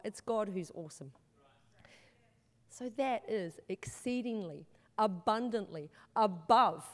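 A woman giving an earnest, emotional church testimony and altar call, halting and restarting as she speaks. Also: high-pitched. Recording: long hall reverb.

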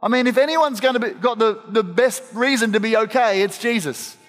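A man with a notably high voice preaches to his congregation, earnest and emphatic, tripping over restarts as he makes his point. He slips in playful asides between serious beats. His voice carries a long, lingering reverb from a large church hall. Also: fairly quick, fairly bright tone. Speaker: pastor. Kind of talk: sermon.

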